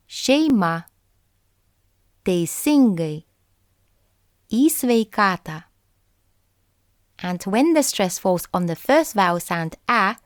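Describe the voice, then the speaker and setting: Slow, careful woman language teacher. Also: mid-range voice, no echo, studio quality. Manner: slow, deliberate modeling of words. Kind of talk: pronunciation lesson.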